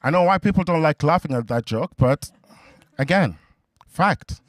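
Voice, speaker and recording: Stand-up comic man, halting delivery. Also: a little high, animated, no room sound. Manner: halting, with many fillers and restarts. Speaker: stand-up comedian. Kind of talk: stand-up comedy set. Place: comedy venue before a laughing crowd.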